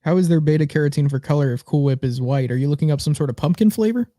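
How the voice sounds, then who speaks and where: A man's voice: on the high side, fast, mellow, no room sound, clean studio sound. A man co-hosting a casual podcast, rambling and hesitant, then playfully insistent as he needles his friend. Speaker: podcast co-host.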